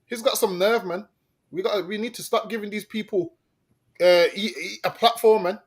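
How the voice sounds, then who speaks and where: A man's voice: sits high, steady tone, normal speed, husky. A man co-hosting a podcast in casual chat, mocking and slangy, often laughing and tagging lines with "man". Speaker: podcast co-host.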